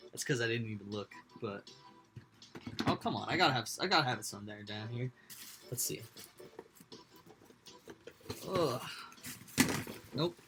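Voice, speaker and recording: A man's voice: medium pitch, animated, a little slow, pauses often, noisy background. A man hosting a livestream, rambling casually to his chat, swearing freely. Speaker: livestream host. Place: indoors at home.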